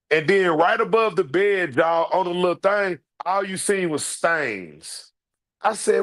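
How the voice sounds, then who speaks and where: A man tells his audience a comic story full of swearing, calling out to them as he goes. His voice sits a little high and swings widely from line to line. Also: unhurried. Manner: profane, animated, talks to the audience as "y'all". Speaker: online show host. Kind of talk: comedic storytelling monologue to viewers.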